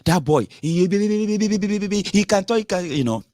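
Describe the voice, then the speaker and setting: A man putting on a stern elder who barks at a young person to be quiet. The voice jumps high and sharp, hissing and scolding. It sounds dry and close. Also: lively intonation, a little fast, no echo. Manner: sharp, hushing, shrill. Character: stern scolding male elder hushing a youth.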